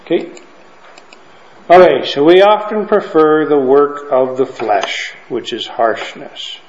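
This man's voice sits on the high side and sounds a little mellow, and he's very animated despite his slow pace. He's leading a Bible class in a chatty way, repeatedly asking "okay?" and "right?" to check on his listeners. It's captured as a roomy, dull lo-fi room recording.

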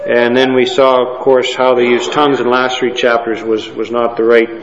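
A man giving a sermon as a pastor, reading scripture and then teaching in a measured way, with many pauses and fillers. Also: mid-range voice, little pitch movement, background noise. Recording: dull sound with long hall reverb.

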